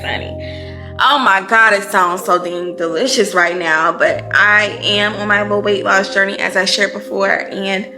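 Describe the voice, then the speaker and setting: A woman's voice: medium pitch, sharp tone. A woman chatting casually to camera as a book vlogger, playful and talkative, calling listeners honey and baby.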